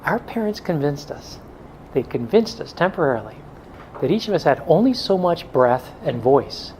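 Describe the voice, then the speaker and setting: A man's voice: a little high, big pitch swings, moderate pace, darkish tone, a little hiss or hum, poor audio. A middle-aged male pastor giving a blunt, joking talk to a men's group, now and then mimicking excuses in a whiny voice.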